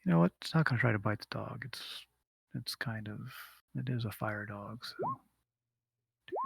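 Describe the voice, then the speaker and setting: A man running a tabletop game as game master, narrating the action in a relaxed, unhurried way. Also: on the low side, gravelly, husky. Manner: relaxed, unhurried, hums filler sounds while rolling.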